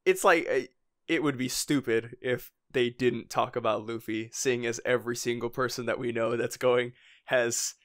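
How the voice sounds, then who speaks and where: A man co-hosting a relaxed fan podcast, his voice at an ordinary middle pitch. He rambles loosely, leaning on fillers and breaking into small chuckles as he talks. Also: normal speed. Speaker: podcast co-host. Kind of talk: casual fan podcast chat.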